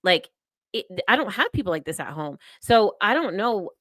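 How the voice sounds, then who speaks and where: A woman hosting a podcast, speaking frankly and animatedly about her own recovery, with quick asides. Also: medium pitch, big pitch swings, a bit bright, dry recording. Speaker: podcast host. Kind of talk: conversational interview.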